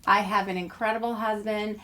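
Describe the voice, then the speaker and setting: A woman's voice: medium pitch, level tone, brisk, noisy background. An older woman, a nurse hosting a health show, who interviews her guest and offers supportive affirmations. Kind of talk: conversational interview.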